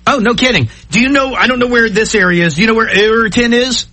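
A man's voice: very high-pitched, quick pace, sharp tone, no room sound. A man hosting a morning radio call-in show, joking and skeptical, laughing often.

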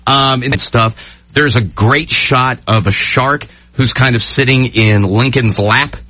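A man hosting a morning radio show, chatting excitably and rambling with many restarts. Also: mid-range voice, takes it slowly, dry recording. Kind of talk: casual on-air banter. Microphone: studio mic.

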